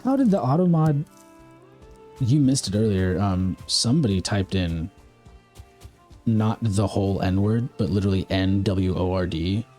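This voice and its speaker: A man's voice: lowish voice, animated, unhurried, mellow, soft background music. A man from the American Midwest streaming a game, chatting casually and rambling while answering his chat. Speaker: live streamer.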